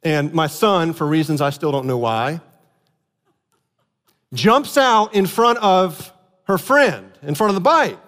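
A man preaching a sermon, telling a family story with animated outbursts and earnest explanation. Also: fairly high pitch, takes it slowly, pauses often. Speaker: pastor. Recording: long hall reverb.

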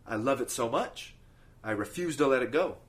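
A man's voice: mid-range voice, expressive, moderate pace, lightly acted. A man voicing a stubborn dead man who insists, heartfelt, on keeping his handful of earth. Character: stubborn man clinging to his homeland dirt.

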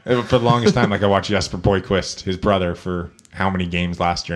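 Guy with a really low voice chatting about hockey prospects, lots of ums. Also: level tone, fast, hardly any pauses. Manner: rambling, filler-heavy analysis. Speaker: guest prospect analyst. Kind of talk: casual podcast chat.

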